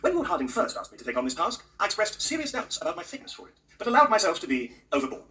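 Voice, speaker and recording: A man doing a formal elderly gentleman. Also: sits high, huge pitch swings, rapid-fire, exaggerated voice. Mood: dignified. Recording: distant playback with loud background noise.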